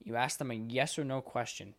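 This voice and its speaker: A young man co-hosting a casual podcast, venting in an exasperated, profane rush. He acts out both sides of his phone calls, and his voice sits at an ordinary middle pitch. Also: fairly quick, fairly bright tone. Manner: exasperated, swears a lot, acts out callers. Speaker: podcast co-host. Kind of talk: casual chat.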